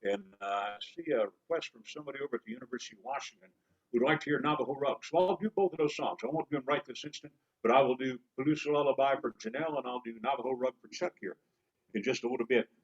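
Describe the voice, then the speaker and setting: A man's voice: mid-range voice, quick pace. A man from the Pacific Northwest of the United States, a folk singer telling joking stories between songs on a live stream. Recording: dull lo-fi stream with guitar. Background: acoustic guitar.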